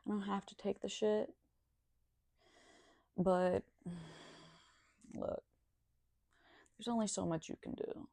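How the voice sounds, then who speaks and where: A woman's voice: mid-range voice, steady tone, takes it slowly, gravelly, pauses often, dark tone, no echo. A woman talking in a casual monologue, sardonic and profane.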